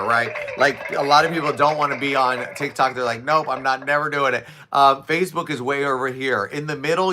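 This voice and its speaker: A Southwest Florida man, a live streamer and fitness instructor, chats casually and animatedly with his viewers, laughing often and responding to their comments. His slightly high voice is a bit raspy and scratchy from hours of talking, picked up by a streaming setup close to the camera.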